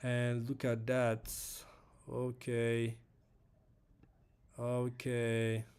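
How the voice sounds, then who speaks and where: Man, live trading stream, slow unhurried delivery, warm dark tone, repeats phrases, talks to the chat. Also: mid-range voice, completely flat delivery, clear, resonant tone. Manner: frustrated, talks to the price and chat viewers; repeats phrases, many fillers.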